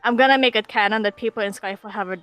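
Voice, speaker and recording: A woman narrating a tabletop game as game master, lively and quick to laugh. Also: mid-range voice, smooth, no room sound, soft background music. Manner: lively, laughs often, thinks aloud.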